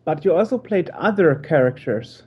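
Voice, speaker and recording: Higher-voiced male interviewer, muffled sound. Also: animated, moderate pace, slightly rough. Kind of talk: casual interview talk.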